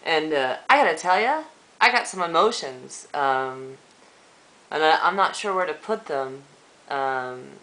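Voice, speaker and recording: An earnest middle-aged woman speaks to her viewers in a personal vlog, halting and full of fillers. Her voice sits a little low, yet sounds bright, and her pitch moves a lot. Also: animated, rough recording. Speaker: vlogger. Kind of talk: emotional personal vlog talk.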